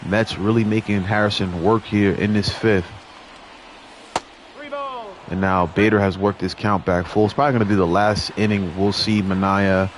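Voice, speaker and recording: Brief: young male gaming host calling baseball play-by-play, lowish voice, slight noise behind. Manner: excitable on big plays, chatty asides to viewers. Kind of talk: play-by-play commentary over a baseball video game.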